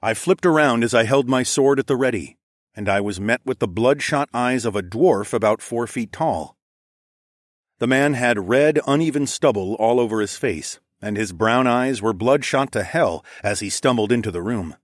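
A man narrating a first-person fantasy story in a steady, descriptive storytelling voice. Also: mid-range voice, normal speed, dry recording, studio quality. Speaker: audiobook narrator.

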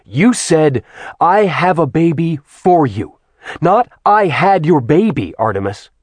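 A snarling, furious ancient god bursts out of the storybook, his voice strained high and loud with rage, performed by a male narrator. The sound is dry and close, with no room around it. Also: sing-song, normal speed, no room sound, lightly acted. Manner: snarling, raised angry voice. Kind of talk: audiobook character voicing.

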